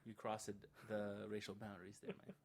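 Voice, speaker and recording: A man's voice: on the low side, little pitch movement, a little fast, a little hiss or hum. A young man co-hosting a podcast, teasing playfully and laughing often in casual chat. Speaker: podcast co-host.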